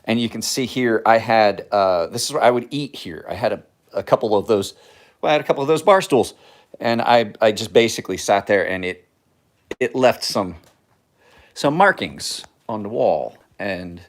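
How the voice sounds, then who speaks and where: Chatty man with a lowish voice. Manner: rambling, joking and chatty. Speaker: knife sharpener and livestream host. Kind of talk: casual livestream chat. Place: his home kitchen.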